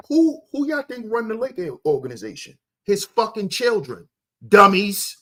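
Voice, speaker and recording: A man hosting a livestream, ranting loudly and crudely at his chat, firing off rhetorical questions and answering them himself. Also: high-pitched, very animated, moderate pace. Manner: loud, confrontational, profane, often shouting. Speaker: livestream host. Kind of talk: ranting commentary to live chat.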